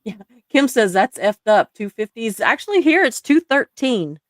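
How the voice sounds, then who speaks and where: A woman's voice: a little high, very animated, normal speed, dry recording, studio quality. A woman with an accent hosting a live stream, reading viewer comments aloud and laughing often. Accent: non-native English accent.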